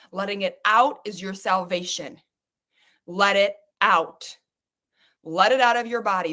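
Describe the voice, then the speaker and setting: This woman's voice is medium in pitch and a bit bright, and she doesn't rush. As a podcast host, she leads her listeners through a guided exercise, repeating urgent, coaxing instructions.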